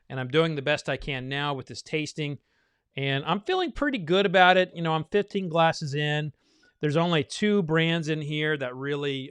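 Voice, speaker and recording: Casual rambling man with a smooth voice. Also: a little high, fairly bright tone, no room sound. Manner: rambling, loose, thinking aloud with many fillers. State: a little winded from talking. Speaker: bourbon reviewer hosting a blind tasting. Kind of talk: casual live tasting chat.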